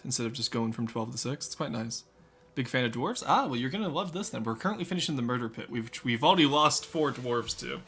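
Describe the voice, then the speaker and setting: Guy streaming a game, chatty n jokey, mid pitch, faint music behind. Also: fairly bright tone, slightly rough. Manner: chatty, joking, talks to chat. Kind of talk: casual live game commentary.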